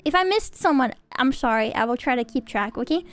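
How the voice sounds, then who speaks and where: A woman's voice: sits high, animated, brisk, a bit bright, soft background music. A young woman streaming, chatting casually and greeting viewers in a bubbly, giggly, rambling way. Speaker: VTuber streamer. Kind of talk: casual livestream chat.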